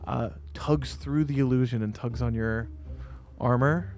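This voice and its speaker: Male game master, mid pitch, easygoing narration over faint music. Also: measured pace. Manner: relaxed storytelling with fillers.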